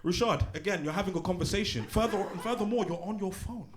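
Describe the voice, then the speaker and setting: A man's voice: high-pitched, quick pace, pitched above the performer's own voice, natural voice. A man voicing a strict male schoolteacher scolding a class in a sarcastic, barking way. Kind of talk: stand-up character bit. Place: small comedy pub venue, live audience.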